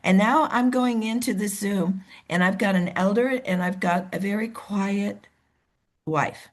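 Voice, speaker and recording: A woman leading a team meeting over a video call. She coaches in an animated way and acts out the voices of the people she describes. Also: medium pitch, measured pace. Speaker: team leader. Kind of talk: motivational coaching talk.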